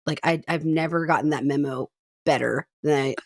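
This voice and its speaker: Lively low-voiced woman podcast co-host. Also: normal speed, slight background noise. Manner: animated storyteller, acts out scenes. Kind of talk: casual chat.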